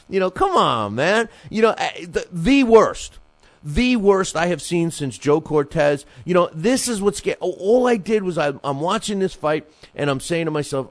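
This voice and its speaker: A man's voice: fairly high pitch, expressive, moderate pace, no echo. A middle-aged man hosting a boxing talk show, rambling and getting fired up, with many restarts and fillers. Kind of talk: casual radio-style commentary.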